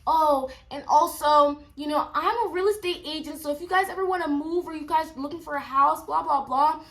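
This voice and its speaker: A woman's voice: high-pitched, brisk, a bit bright, pitched above the performer's own voice. Young woman mimicking a pushy, fretful mom. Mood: salesy. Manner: rambling, trails off with blah blah. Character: pushy middle-aged mother, nagging and fretful.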